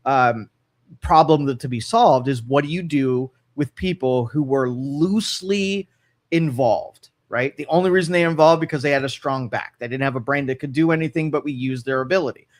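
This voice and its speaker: A man's voice: medium pitch, moderate pace. A man co-hosting a radio talk show, opinionated and rambling, with frequent restarts and an Ohio accent. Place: radio studio.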